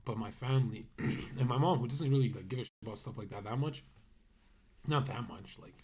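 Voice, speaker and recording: A man's voice: mid-range voice, brisk, a little mellow. A man streaming a casual monologue, brash and rambling, with many fillers and asides that trail off.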